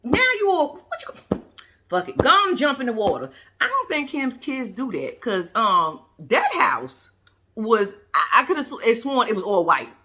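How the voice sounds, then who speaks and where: A woman holds forth in an unscripted vlog rant, blunt and profane, circling back and interrupting herself. Her voice is bright and sharp, and her pitch swings widely as she talks straight to her viewers. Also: sing-song, normal speed. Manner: rambling, with self-interruptions. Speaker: vlogger reviewing a reality show. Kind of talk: casual unscripted commentary.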